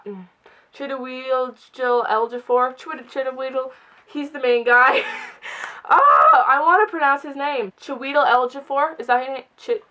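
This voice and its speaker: Young woman, bubbly book vlogger, high-ish voice, chatty and excitable. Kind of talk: casual chat to camera.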